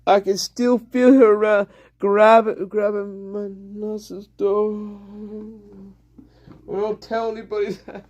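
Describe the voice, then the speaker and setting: A man's voice: high-pitched, flat delivery, takes it slowly, a little mellow, dry recording. A man host rambling through an erratic, crude solo monologue, often breaking into laughter. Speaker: channel host.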